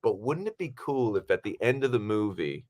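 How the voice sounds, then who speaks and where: A man co-hosting a podcast, telling a story casually in a lively, profane way. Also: fairly low pitch, moderate pace. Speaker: podcast co-host and actor. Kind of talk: casual chat.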